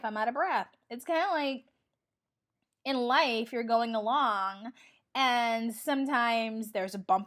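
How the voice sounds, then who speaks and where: A woman in her forties talking casually in a motivational vlog, chatty and animated, acting out what people say. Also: a little high. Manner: chatty and animated, acts out quoted lines. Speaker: vlogger.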